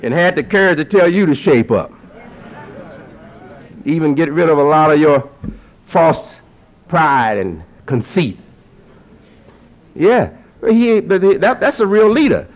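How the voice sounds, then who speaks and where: A man preaching to an audience, who repeats phrases for emphasis and climbs to forceful peaks. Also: a little high, unhurried, long pauses. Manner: lively, rising to forceful peaks. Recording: dull lo-fi recording.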